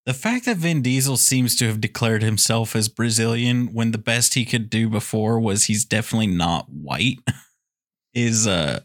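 A man co-hosting a casual movie-review podcast, telling jokes in a rambling, animated way. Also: lowish voice, normal speed. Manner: rambling, joking, animated storytelling. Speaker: podcast co-host.

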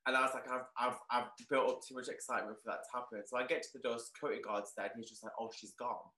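A young man who owns a clothing shop, telling a story in an interview, excitable and full of "like". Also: mid-range voice, quick pace. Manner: excitable, peppered with "like", animated retelling. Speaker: guest, clothing shop owner. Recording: roomy echo.

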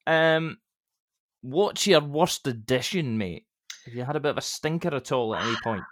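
A man's voice: mid-range voice, animated, normal speed. A man hosting a podcast, asking questions in a jokey, laughing way and teasing his guest. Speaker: podcast host. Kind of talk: casual interview chat.

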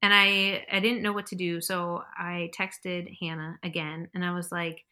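In a lowish, bright and forceful voice, a pregnant young woman recounts her labor, delivering it a little slowly, flatly and with few pauses. Her casual storytelling is chatty, punctuated by frequent laughter and acted-out quotes from others.

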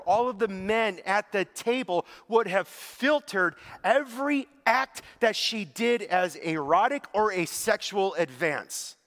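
A man preaching a sermon, telling the story with animated quotes and casual filler words. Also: high voice.

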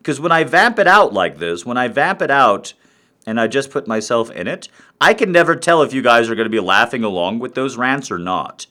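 A man's voice: mid-range voice, animated, brisk, pushed and bright. A man giving a crude, rambling, self-mocking comic monologue to a live online audience.

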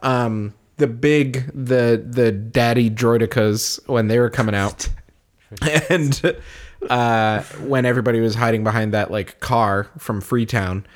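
A man co-hosting a casual podcast chat, animated and laughing often as he talks. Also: mid-range voice, unhurried. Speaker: podcast co-host.

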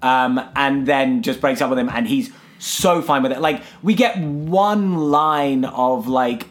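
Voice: medium pitch, animated, moderate pace. A podcast co-host, casually recapping a musical, swearing and laughing as they retell scenes. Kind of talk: casual chat reviewing a musical.

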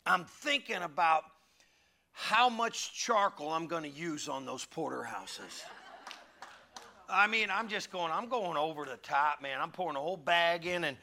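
A middle-aged man preaching a conversational sermon with humorous stories, animated, moving from loud calls to hushed asides. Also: fairly high pitch, measured pace, creaky. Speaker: pastor.

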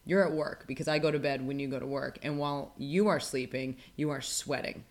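A woman's voice: rumbling low, fairly even intonation, fairly quick. A woman co-hosting a casual podcast chat, ranting with heavy profanity and sarcasm. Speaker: podcast co-host.

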